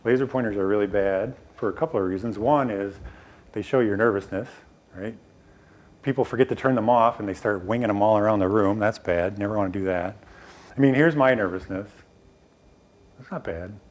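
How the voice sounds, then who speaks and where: A middle-aged man with a lowish voice, speaking a little fast, gives a live workshop talk on presenting science to a small room. He's direct and emphatic, with casual asides, lecturing a small audience.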